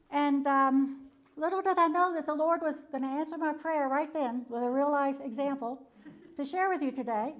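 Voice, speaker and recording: High-voiced woman telling a story. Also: moderate pace, muffled recording. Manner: loose storytelling with frequent um and you know, chuckling often. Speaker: psychologist giving a church wellness talk. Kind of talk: conversational presentation with a personal anecdote.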